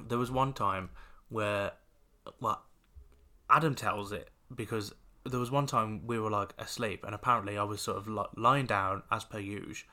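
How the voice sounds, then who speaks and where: Low-voiced man chatting. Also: fairly even intonation, moderate pace, pushed and bright. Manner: rambling storyteller, many fillers. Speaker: podcast co-host. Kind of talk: casual chat.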